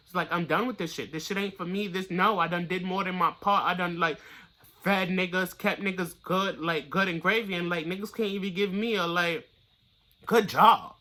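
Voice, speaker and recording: A tarot reader giving a casual, blunt and profane reading straight to the viewer, getting louder and higher when fired up. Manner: blunt, profane, pep-talk delivery.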